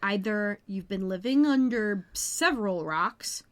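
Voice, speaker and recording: A woman's voice: mid-range voice, expressive, normal speed. A woman co-hosting a podcast, recapping a TV episode in casual chat, full of jokes and side remarks. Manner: chatty, jokey, tangents and side comments. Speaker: podcast co-host.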